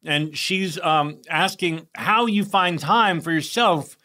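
A man's voice: a little high, slow, pushed and bright. A man co-hosting a podcast, rambling and stumbling over words in a joking way. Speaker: podcast co-host. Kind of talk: casual podcast chat.

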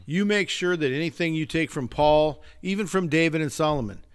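A man's voice: a little high, fairly quick, clean tone. A man who is a pastor, talking earnestly and emphatically in a casual faith discussion, slipping into a preaching tone.

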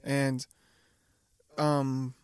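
A man's voice: medium pitch, level tone, extremely slow, darkish tone, clean tone, dry recording, studio quality. Young male co-host, loose and laughing, salty language, coming down with something. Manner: laughs often, swears casually. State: getting sick, off all day. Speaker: podcast co-host. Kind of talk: casual chat.

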